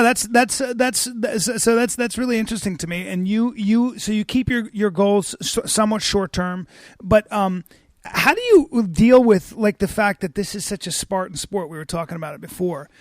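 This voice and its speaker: A man's voice: high-pitched, expressive, moderate pace, no echo. A man hosting a casual interview, playful and rambling, asking questions with many restarts. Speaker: podcast host. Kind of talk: casual chat.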